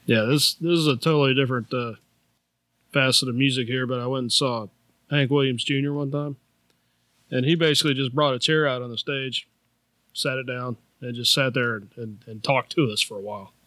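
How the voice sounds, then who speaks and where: A man's voice: mid-range voice, fairly even intonation, fairly quick, fairly bright tone, dry recording. A man co-hosting a podcast, chatting in an easygoing, laid-back way and telling stories. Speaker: podcast co-host. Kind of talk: casual chat.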